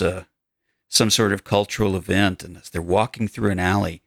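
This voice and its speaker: Low gravelly guy on a podcast, bright edgy tone, joking around. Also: fairly even intonation, moderate pace, no room sound, clean studio sound. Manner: playful, spins a joking story. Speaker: podcast panelist. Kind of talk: casual panel chat.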